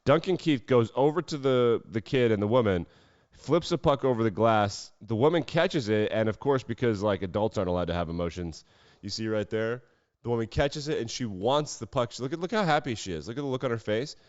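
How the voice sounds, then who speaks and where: A man's voice: mid-range voice, expressive, a little fast, darkish tone, dry recording. A man hosting a sports podcast, giving casual commentary full of wry, sarcastic asides. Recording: dull lo-fi dry sound.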